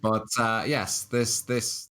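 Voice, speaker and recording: Man in a casual game stream, lower voice, reads on-screen text, hesitant fillers. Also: level tone, slow, bright, forceful tone. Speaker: game player on a live stream.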